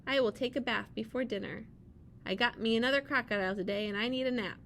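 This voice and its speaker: A woman's voice: on the high side, fast talker, creaky, a bit bright, a little hiss or hum. A woman voicing a bossy crook from a children's storybook, barking orders at his butler while she reads aloud. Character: crook who poaches crocodiles.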